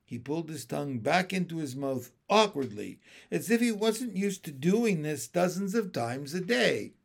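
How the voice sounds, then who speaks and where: A man reading a children's storybook aloud with expressive storytelling. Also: a little high, normal speed, vocal fry, husky.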